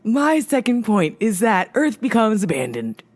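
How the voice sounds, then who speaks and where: A woman's voice: mid-range voice, big pitch swings, measured pace, darkish tone. Chatty young woman telling stories. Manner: storytelling, acts out quoted voices. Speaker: podcast co-host. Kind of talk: casual chat.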